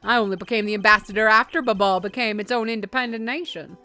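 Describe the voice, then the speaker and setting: A woman's voice: medium pitch, fairly even intonation, fast talker, bright, forceful tone, faint music behind, close to an everyday voice. Woman reading a stately formal male ambassador. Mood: apologetic. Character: formal middle-aged male ambassador, proud of his small nation.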